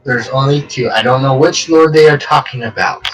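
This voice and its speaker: A man's voice: medium pitch, normal speed, close to an everyday voice. A man voicing an invisible young woman adventurer, whispering urgently and stammering as he speaks. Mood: anxious pleading. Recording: distant mic, faint music.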